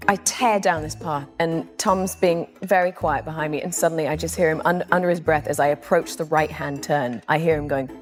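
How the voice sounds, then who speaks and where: A woman's voice: low-pitched, fairly even intonation, fairly quick, few pauses, soft background music. A woman in her forties telling funny stories as a talk show guest, laughing often and acting out what others said. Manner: chatty, laughs often, acts out quoted voices. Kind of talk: casual anecdotes with impressions.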